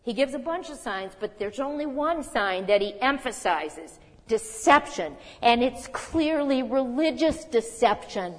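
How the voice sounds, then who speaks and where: A woman in her sixties teaching a sermon in a conversational, animated way, reading scripture aloud with emphasis. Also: fairly high pitch, unhurried, hardly any pauses. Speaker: Bible teacher. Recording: long hall reverb.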